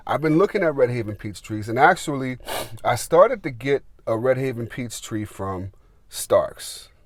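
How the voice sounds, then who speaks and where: A man's voice: medium pitch, dry recording. A man, telling a rambling, filler-heavy story as a gardening vlogger. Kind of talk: casual storytelling.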